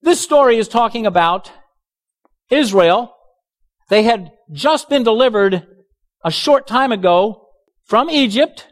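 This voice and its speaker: A man's voice: very high voice, animated, takes it slowly, pauses often, big-room sound. A male pastor preaching a sermon emphatically, with sarcastic asides.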